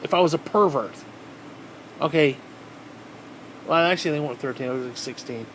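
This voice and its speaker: A fairly high-voiced man in a heated vlog rant, cursing at nearly every turn and tripping over his restarts. A faint hum of air conditioning runs behind him. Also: fairly quick, fairly bright tone. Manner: heated, swearing constantly, restarting sentences. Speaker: vlogger. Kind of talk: angry profane rant to camera.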